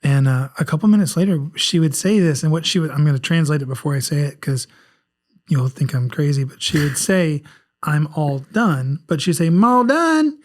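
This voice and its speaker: On a casual podcast with lots of restarts, the guest author is a man in his forties from South Carolina with just a trace of a Southern accent. His pitch is fairly high, his tone darkish, and his pace a little fast. Candid and self-reflective, he rambles and restarts frequently.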